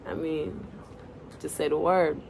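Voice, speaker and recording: A woman's voice: low-pitched, steady tone, slow, creaky, darkish tone, a little hiss or hum, full character voice. A woman voicing a playful, cocky young man who teases his girlfriend on a video call. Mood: teasing.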